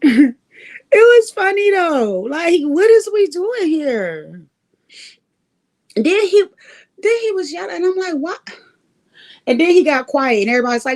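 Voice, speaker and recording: A woman hosting a livestream, telling stories in an animated way, laughing often and swearing freely. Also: very high-pitched, measured pace, long pauses. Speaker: livestream host. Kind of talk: casual storytelling chat.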